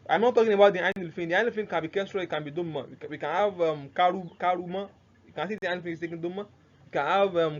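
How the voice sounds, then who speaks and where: Man teaching, quizzing with rhetorical questions. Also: fairly high pitch. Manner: asks rhetorical questions, repeats words slowly. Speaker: Arabic grammar teacher. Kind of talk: recorded lesson. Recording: dull lo-fi recording with faint noise.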